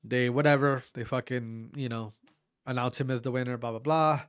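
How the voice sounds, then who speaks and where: A man's voice: mid-range voice, normal speed, smooth, no echo, clean studio sound. A man casually recounting his own fight, stammering and restarting often, swearing freely and acting out what others said. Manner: animated, frequent restarts and stammers, acts out quotes. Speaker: amateur fighter recounting a bout. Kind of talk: casual storytelling.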